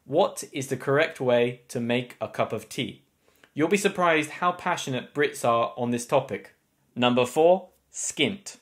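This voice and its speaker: An English teacher from England delivers a scripted lesson on slang, giving clear explanations peppered with wry asides. He speaks with a British accent in an animated, mid-range voice at a measured pace.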